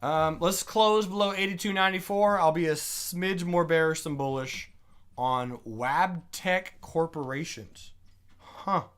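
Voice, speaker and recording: Male host for live market commentary; chatty, wry, voice sits a bit high. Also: a little slow, fairly bright tone, clear, resonant tone. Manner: joking asides, thinks aloud. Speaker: stock trading show host.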